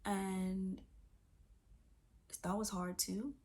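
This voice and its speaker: A woman's voice: medium pitch, flat delivery, drawn-out words, a little mellow. A woman in her twenties giving a candid, emotional personal testimony, searching for words with many fillers and restarts. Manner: earnest and emotional. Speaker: testimony speaker.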